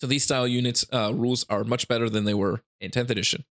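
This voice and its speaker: A gaming channel host casually talks through a game's rules, stumbling along with laughing asides and frequent restarts in a rambling breakdown. He's a fast talker with a medium-pitched, steady, slightly bright voice.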